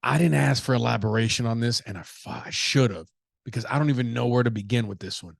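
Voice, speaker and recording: A man's voice: medium pitch, fast, vocal fry, dry recording, studio quality. A young adult man from the United States hosting a podcast, riffing casually with profanity, jokes and rhetorical questions. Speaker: podcast host.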